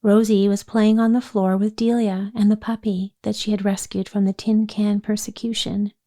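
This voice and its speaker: A woman's voice: medium pitch, level tone, normal speed, dark tone. A woman narrating a children's storybook aloud, giving the characters light voices in the dialogue. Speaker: audiobook narrator.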